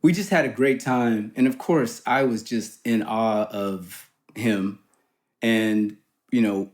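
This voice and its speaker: A middle-aged man telling showbiz stories in casual chat as a podcast guest, lively and acting out the people he quotes. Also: fairly low pitch, slow. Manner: animated storyteller, acts out quoted people. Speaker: guest actor.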